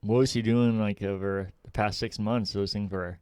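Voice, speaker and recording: A man's voice: fairly low pitch, fairly even intonation, moderate pace, darkish tone, a little hiss or hum. A man co-hosting a casual podcast, talking in an easygoing way and steering the conversation to new topics. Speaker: podcast co-host. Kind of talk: casual chat. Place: remote recording, like a video call.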